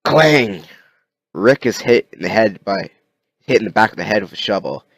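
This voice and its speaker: Man reading a story aloud, halting, restarts, lowish voice, dry close sound. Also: lively intonation, slightly rough, no room sound. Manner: halting, frequent restarts and fillers. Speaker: reader of a comic story. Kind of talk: amateur read-aloud narration.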